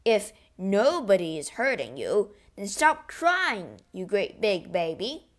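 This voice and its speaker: A mocking male giant drawls his scorn, voiced by a woman reading a storybook. The words come slow and contemptuous. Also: mid-range voice, big pitch swings.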